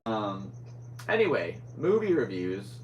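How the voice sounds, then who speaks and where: A young man talks his way through a casual solo podcast, drifting from one thought to the next. His voice sits on the low side. A faint hum runs quietly behind him. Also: sing-song, slow, muffled recording. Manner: rambling, scatterbrained. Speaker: podcast host.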